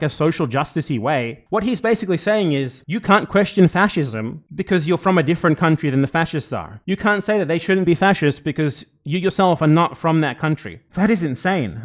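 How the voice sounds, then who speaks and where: A man streaming live, reacting to a video with angry, exasperated commentary full of swearing. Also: a little high.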